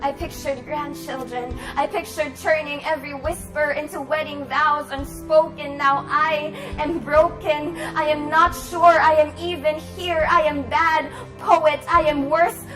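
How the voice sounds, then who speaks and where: A woman's voice: high voice, steady tone, measured pace, hardly any pauses, over music. A woman, a confessional poet, speaking about her work and performing a spoken word poem with rising intensity. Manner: confessional, intense, builds from hushed to forceful. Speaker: guest poet.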